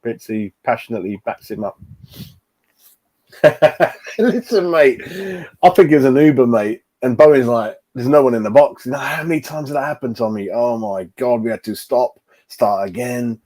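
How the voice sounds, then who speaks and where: At normal speed, a slightly mellow, medium-pitched voice comes from a fan channel host in his 40s on a casual football live stream. He chats, reads viewers' comments out loud, and calls everyone mate.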